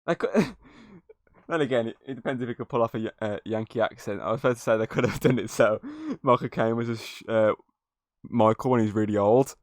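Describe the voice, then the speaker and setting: A man's voice: medium pitch, a little fast, no room sound. A young man chatting on a podcast, retelling movie scenes with a lot of swearing and laughter. His voice is dry and close, with little room sound. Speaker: podcast host. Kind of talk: casual movie review chat.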